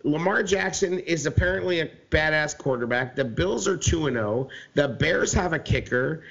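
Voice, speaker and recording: A man's voice: on the high side, expressive, moderate pace, vocal fry, fairly bright tone. A man co-hosting a sports podcast, ranting heatedly with lots of swearing and filler words. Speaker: podcast co-host. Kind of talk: profane sports podcast rant. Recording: dull lo-fi podcast recording.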